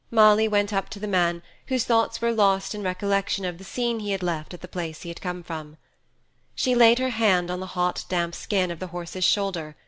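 A woman reading a classic novel aloud as an audiobook, in a measured, even storytelling manner. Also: mid-range voice, clean tone, dry recording. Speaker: audiobook reader. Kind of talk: scripted narration of a classic novel.

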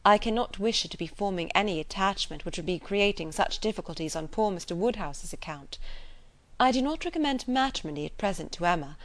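A woman reading the part of a gentle, kindly middle-aged lady in an audiobook, speaking earnestly. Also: mid-range voice, no room sound, natural voice.

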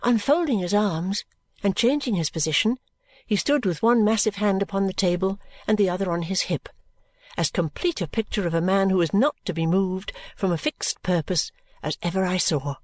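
A man reading an audiobook narration in a measured, clear way. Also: sits high, dry recording. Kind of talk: scripted narration.

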